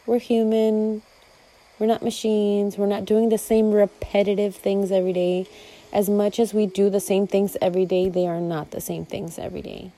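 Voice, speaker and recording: A woman's voice: mid-range voice, level tone, moderate pace, warm tone, low-quality recording. A woman vlogger talking casually and reflectively to her viewers, rambling a little and laughing now and then. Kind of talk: casual heartfelt monologue to viewers.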